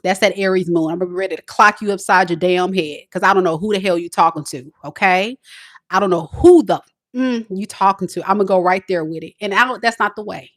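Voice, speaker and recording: Dramatic, animated woman giving advice. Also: fast, no echo, studio quality. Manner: animated and dramatic, swinging from loud outbursts to calm, low talk. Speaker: tarot reader hosting a livestream. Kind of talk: casual livestream advice talk.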